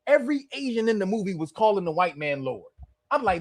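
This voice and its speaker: Male podcast host, casual profane rant, laughs often, very lively pitch. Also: a little fast. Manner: animated, profane, laughs often while ranting. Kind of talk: casual ranting commentary.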